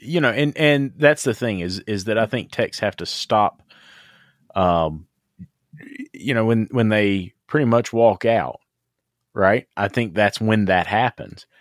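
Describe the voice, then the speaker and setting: A man's voice: lowish voice, measured pace, no echo, studio quality. A man hosting a podcast, speaking casually and readily agreeing with his co-host. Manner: agreeable, chimes in with short affirmations.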